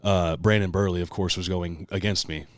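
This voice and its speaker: A man hosting a casual podcast, telling a competition story with lots of swearing, and loudly acting out what he shouted. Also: low voice, normal speed, no echo, clean studio sound. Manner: animated storyteller, swears a lot, shouts out quoted lines. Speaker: podcast host. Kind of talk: casual chat.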